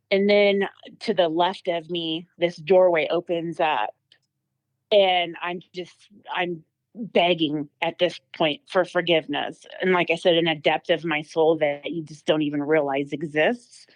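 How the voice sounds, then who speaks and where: A woman's voice: on the low side, steady tone, slow. A woman giving a personal testimony as a podcast guest, telling her story vividly with many fillers and restarts.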